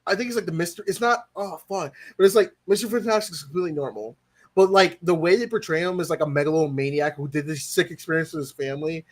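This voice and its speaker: High-voiced, animated man chatting. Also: fast. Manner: animated, swears freely, laughs often, acts out quotes. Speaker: co-host of a movie review livestream. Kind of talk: casual chat.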